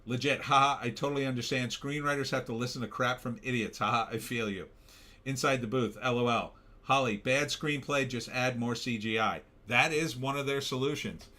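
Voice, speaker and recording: A tired man hosts a livestream, ranting casually and reading out comments from the chat. His voice is mid-range and bright with a forceful tone, at a normal speed.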